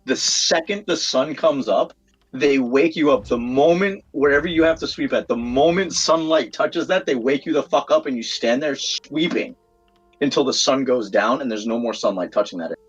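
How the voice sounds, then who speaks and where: A man's voice: medium pitch, moderate pace, slightly rough, low-quality recording. A man chatting casually on a stream, explaining things in a loose, profane way. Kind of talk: casual chat.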